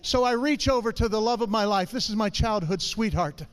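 Man, middle-aged, very high pitch, smooth clear tone, church testimony, animated, calls to the audience. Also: fairly quick. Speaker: church speaker. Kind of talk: humorous testimony to a congregation.

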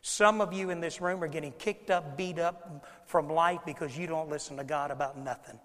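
A man preaching a sermon to his congregation, swinging between loud emphasis and quiet lines and acting out the people he quotes. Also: on the high side, steady tone, moderate pace, in a large hall. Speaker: pastor. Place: church sanctuary.

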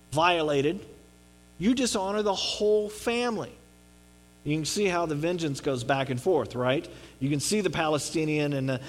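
Guy preaching bible study, kinda higher voice, earnest, keeps asking if you follow. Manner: earnest, checks in with listeners often. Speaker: pastor. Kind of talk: conversational Bible teaching.

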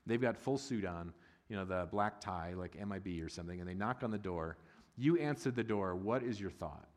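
A middle-aged male pastor with a fairly low voice preaches in a casual, joking way and now and then breaks into loud, excited bursts. His voice rings with the long reverb of a large church hall. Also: brisk. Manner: conversational and humorous, rising to loud excited bursts. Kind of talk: sermon.

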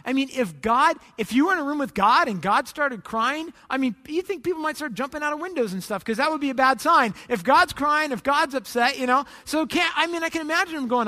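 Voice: sits high, lively intonation, fairly quick, hardly any pauses, pushed and bright. A pastor preaching a sermon in a conversational storytelling way, with frequent restarts and rhetorical questions to the congregation. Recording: long hall reverb.

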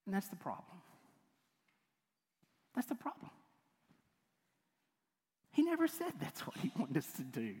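Chatty pastor in a reverberant hall. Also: male voice, high voice, expressive, normal speed, pauses often, darkish tone. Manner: chatty, laughs often, breaks off mid-sentence. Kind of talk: sermon. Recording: long reverb of a large hall.

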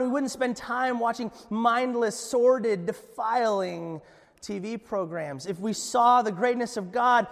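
High-voiced pastor preaching in a hall. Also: male voice. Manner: animated storytelling with many restarts. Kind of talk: sermon.

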